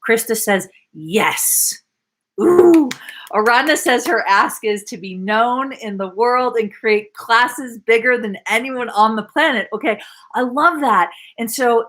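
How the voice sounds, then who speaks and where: Animated woman coaching a live audience. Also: mid-range voice. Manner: animated and emphatic, with sudden exclamations and laughs. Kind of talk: live-stream coaching talk reading viewer comments.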